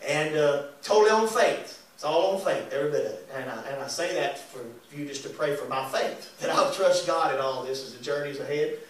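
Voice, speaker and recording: A man, preaching and singing as an evangelist, folksy and animated with laughing asides. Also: fairly high pitch, fairly quick, hardly any pauses. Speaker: evangelist and singer. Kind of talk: lively sermon with congregation call and response. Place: church sanctuary. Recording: echoey church recorded from a distance.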